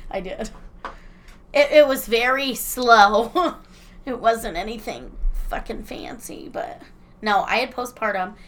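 A woman in her thirties talks in an easygoing chat, a little higher-pitched than most. She laughs often and swears freely, telling stories with animated energy. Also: slow, long pauses. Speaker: podcast co-host. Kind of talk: casual chat, reading listener letters.

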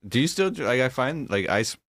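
A man's voice: medium pitch, big pitch swings, brisk, fairly bright tone, dry recording, studio quality. A man in casual chat, adding laid-back, chuckling asides to a friend's story.

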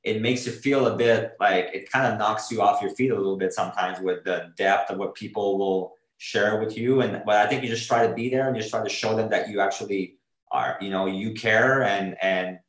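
A man's voice: on the low side, brisk. Earnest man rambling, roomy sound. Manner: rambling, many fillers and restarts, earnest. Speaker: drummer being interviewed. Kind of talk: casual interview talk.

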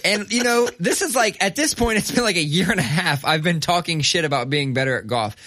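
A man's voice: sits high, expressive, fairly quick, sharp tone, no room sound, clean studio sound. A young adult man hosting a podcast, telling stories in a casual, profane, laid-back way and laughing as he goes. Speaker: podcast host. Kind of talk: casual storytelling chat.

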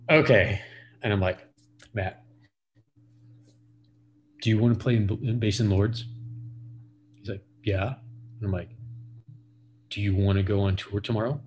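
A man's voice: fairly low pitch, fairly even intonation, a little slow, long pauses, darkish tone, a little hiss or hum. A man in his forties, a podcast guest, telling a profane, rambling story full of "like" fillers. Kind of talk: casual storytelling.

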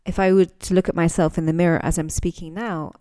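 A woman with a low, mellow voice gives an unscripted podcast lesson on speaking English. She talks thoughtfully, pausing to search for words and often restarting her sentences. She sounds warm and unhurried, like a teacher explaining from experience. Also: little pitch movement.

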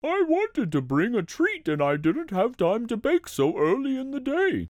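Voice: medium pitch, huge pitch swings, measured pace, dry recording, pitched above the performer's own voice. A storybook reader voicing a sleepy, yawning male owl. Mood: drowsy. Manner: drowsy, yawning. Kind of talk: storybook read-aloud.

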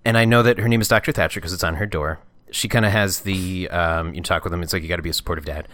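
A man's voice: sits low, fast, fairly bright tone, no room sound, clean studio sound. A man co-hosting a podcast, chatting casually about a movie and acting out scenes in silly voices. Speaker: podcast co-host. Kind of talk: casual movie review chat.

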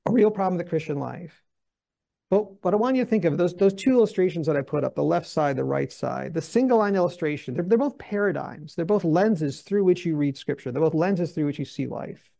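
A male Bible teacher with a high voice, a gravelly edge and a dark, mellow tone. He talks through scripture in a conversational way and acts out the people he quotes. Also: lively intonation, normal speed. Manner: conversational with restarts.

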